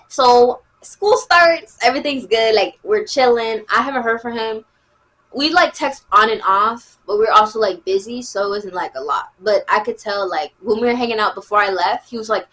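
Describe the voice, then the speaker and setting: A woman vlogger telling a casual storytime to camera, rambling and slangy, retelling events animatedly. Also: medium pitch. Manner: slangy, rambling, peppered with "bro" and "like"; animated retelling with exaggerated quotes.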